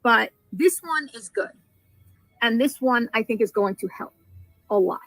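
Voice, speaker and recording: A woman talking to her livestream viewers in a rambling, halting way, restarting her sentences. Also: fairly high pitch, expressive, fairly bright tone, dry recording, poor audio. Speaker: livestreamer in played clip.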